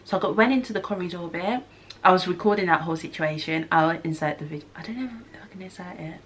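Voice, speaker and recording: A young woman, telling an animated storytime vlog and acting out the voices she quotes. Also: on the low side, quick pace, a little hiss or hum. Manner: animated, acts out screams and quotes. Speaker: vlogger. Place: student flat room.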